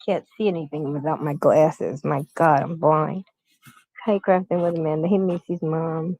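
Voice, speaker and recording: A woman's voice: deep voice, steady tone, normal speed, mellow, dry recording, low-quality recording. A middle-aged woman livestreaming on her phone from a hospital room. She rambles casually and keeps greeting viewers by name. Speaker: YouTube livestream host.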